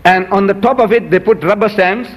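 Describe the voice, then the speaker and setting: Older male lecturer, high-pitched, emphatic and repetitive, recorded with hall echo. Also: a little fast. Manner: emphatic, repeats words. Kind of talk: public lecture.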